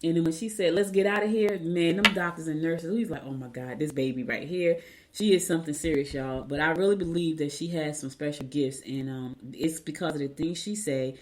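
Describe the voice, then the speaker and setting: An older woman, casually chatting to viewers as a morning show host, telling an animated story and calling them y'all. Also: sits low, a little fast, few pauses, slight background noise.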